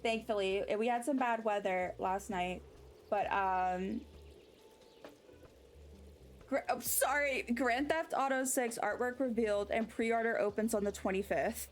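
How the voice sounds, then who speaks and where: A woman's voice: on the high side, a little slow, slight background noise. A woman streaming a game, chatting casually and rambling off on tangents while she answers her chat. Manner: rambling, easily sidetracked chatter; reads chat aloud and answers it.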